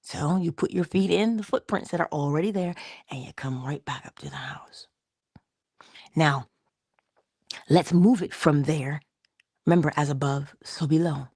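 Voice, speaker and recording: A woman giving a conversational motivational talk, coaching her listener and dropping into soft whispers for emphasis. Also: deep voice, moderate pace, pauses often, breathy edge, no echo, clean studio sound. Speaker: inspirational speaker.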